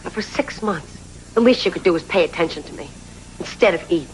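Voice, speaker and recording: A woman's voice: on the low side, expressive, fast, a little hiss or hum, close to an everyday voice, rough recording. Needy scheming woman, played by an actress. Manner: demanding, petulant. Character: needy, scheming woman craving family approval. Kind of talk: 1980s soap opera acting.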